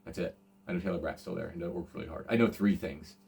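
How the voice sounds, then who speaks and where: Fast-talking, rambling man in his forties. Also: low voice, fairly even intonation, vocal fry, darkish tone. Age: 40s. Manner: rambling, self-deprecating, many fillers and restarts. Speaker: podcast host. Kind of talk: casual storytelling chat.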